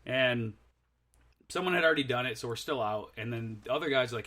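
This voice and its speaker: A man's voice: mid-range voice, a little fast, pushed and bright. A young man, a podcast guest, in a casual chat telling a rambling story that he keeps correcting and laughing through.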